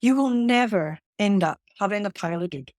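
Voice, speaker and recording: A woman, a leadership coach telling a lively workplace anecdote as a podcast guest. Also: medium pitch, fairly quick, no echo, clean studio sound. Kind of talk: conversational storytelling.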